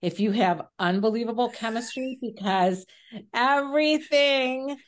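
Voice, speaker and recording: A woman's voice: on the high side, unhurried. A middle-aged woman, a guest dating coach on a podcast interview, telling her own story in an earnest, open way.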